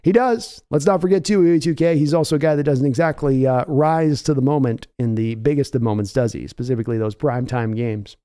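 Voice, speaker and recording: A man's voice: mid-range voice, fairly quick, hardly any pauses, clear, resonant tone, no echo, studio quality. A man hosting a live sports reaction stream, chatting casually and reading viewer messages aloud. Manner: chatty, excitable, reads chat aloud.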